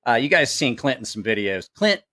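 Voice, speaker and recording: Animated, swearing middle-aged man. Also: mid-range voice, fairly quick. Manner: profane, animated, acts out quoted voices; rambling with self-corrections. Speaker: channel host. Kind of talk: casual storytelling.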